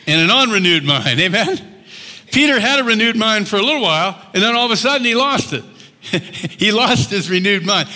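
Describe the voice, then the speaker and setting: Animated male pastor preaching in a reverberant church. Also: high voice. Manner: animated storytelling, acts out quotes with laughs. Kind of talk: sermon. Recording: long hall reverb.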